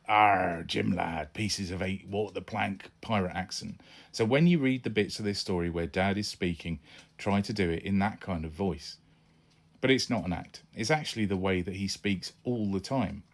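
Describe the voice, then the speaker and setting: A man reading his own children's adventure book aloud, narrating chattily in the first person as a young boy. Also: sits low.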